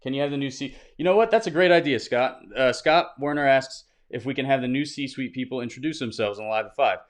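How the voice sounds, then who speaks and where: A man's voice: medium pitch, a little fast. A man hosting a weekly livestream Q&A, reading viewer questions aloud and answering off the cuff in an upbeat, conversational way. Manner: upbeat greeting viewers by name. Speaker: host of a weekly crypto livestream. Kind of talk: casual livestream Q&A.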